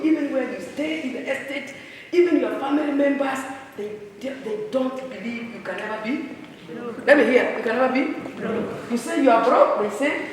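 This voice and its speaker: A woman giving a lively workshop talk to staff at a retreat, teasing and quizzing her audience. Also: high-pitched, slight background noise. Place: large hall with an audience. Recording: echoey hall, distant mic.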